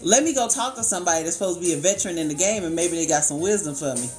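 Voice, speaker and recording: A woman's voice: lowish voice, animated, racing. A woman counselor hosting a casual live-stream chat, blunt and colloquial, breaking into sound effects and laughter. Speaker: licensed counselor and channel host. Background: faint background music.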